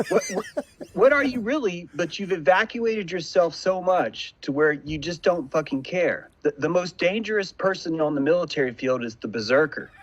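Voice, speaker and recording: A man's voice: a little high, lively intonation, normal speed, few pauses, muffled recording. A man hosting a casual podcast conversation, talking in intense, philosophical monologues from a home room. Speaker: podcast host.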